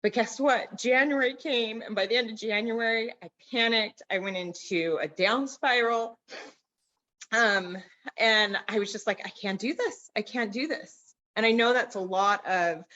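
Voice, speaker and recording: Woman, bright tense voice, halting emotional testimony, dull lo-fi call audio. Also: fairly high pitch. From Arizona. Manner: halting, many restarts, near tears. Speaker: network marketing distributor sharing a story. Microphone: video call.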